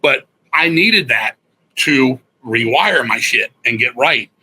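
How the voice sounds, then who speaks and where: A man with a raspy voice telling his story in a casual chat, blunt and swearing freely. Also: medium pitch, animated, takes it slowly, bright, forceful tone, low-quality recording. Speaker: guest musician.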